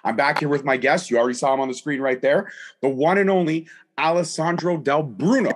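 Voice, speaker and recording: A man's voice: medium pitch, breathy edge. A man in his thirties hosting a casual interview podcast, joking and swearing freely. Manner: animated, jokey, swears freely. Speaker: podcast host.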